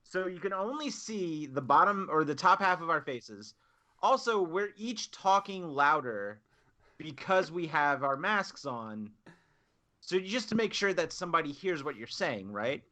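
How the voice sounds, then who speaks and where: A man's voice: a little high, unhurried. A man in his thirties, a podcast co-host, telling a story in casual chat and acting out both sides of the exchange. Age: 30s. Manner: animated, acts out both sides of his anecdotes.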